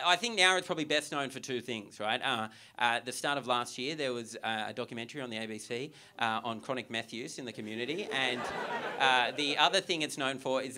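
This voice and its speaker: A young Australian man performing a stand-up set into a stage microphone in a theatre comedy club. He tells his stories in a loose, chatty way, peppered with "like" and "right?". Clear audience noise sits under his voice in the live recording. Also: mid-range voice. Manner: chatty storytelling with frequent "like" and "right?" asides.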